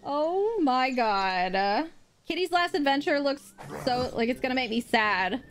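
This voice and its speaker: A woman's voice: high-pitched, sing-song, a little slow. A young woman streaming a game live, talking playfully and breaking into squealing exclamations. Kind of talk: live let's play commentary. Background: game music.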